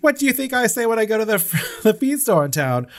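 A prudish middle-aged woman with a Minnesota accent and a temper scolds in a voice pitched far above a man's, as a man puts her on. Her tone is huffy and primly indignant. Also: big pitch swings, fairly quick. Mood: prim scolding.

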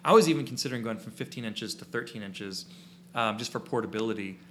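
A man's voice: on the low side, quick pace, fairly bright tone, a little hiss or hum. A man co-hosting a photography podcast in casual, rambling chat, full of fillers and restarts, recorded in his small studio. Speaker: podcast co-host and photography teacher.

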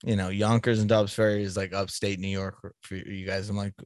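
A man's voice: fairly low pitch, little pitch movement, brisk, darkish tone, no room sound, clean studio sound. A man from the Boston area, a guest in a casual podcast chat over a video call, who rambles and cuts himself off mid-thought. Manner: rambling, self-interrupting, laughs often.

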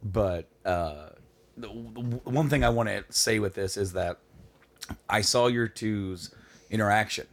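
A man in casual chat, talking in a measured way with hesitant starts. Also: on the low side.

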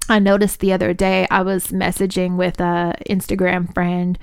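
A woman's voice: lowish voice, monotone, moderate pace, vocal fry, clean tone, dry recording. Profane, teasing woman podcast host. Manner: profane, teasing, laughs often. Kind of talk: casual chat.

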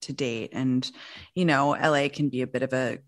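American woman in her twenties, low voice, dry close sound, rambling casual chat. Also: steady tone, normal speed, dry recording. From born in the US, grew up in London. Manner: chatty, many "like" fillers and restarts.

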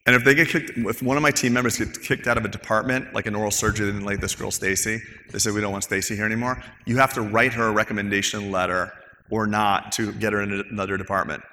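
A man's voice: on the low side, steady tone, fast talker, bright, forceful tone, slight background noise. A man speaking casually on a panel as a dental practice owner, telling stories and acting out coworkers' quotes with animation. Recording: long hall reverb.

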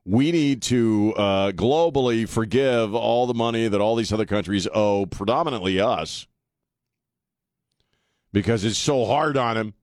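A man's voice: fairly low pitch, measured pace, a little mellow, no room sound. Male talk radio host, blunt and sarcastic, rambling monologue, dry close studio sound.

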